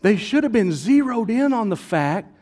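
A man's voice: high voice, sing-song, moderate pace, darkish tone. A male pastor, preaching in a casual, joking way and acting out voices from the crowd. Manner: playful, jokey, acts out voices of the crowd.

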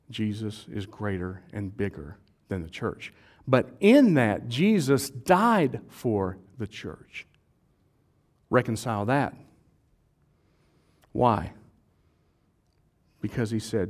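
A male pastor preaching a sermon in a church service, animated and conversational, quizzing his congregation and joking with them. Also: mid-range voice, unhurried, pauses often, breathy edge.

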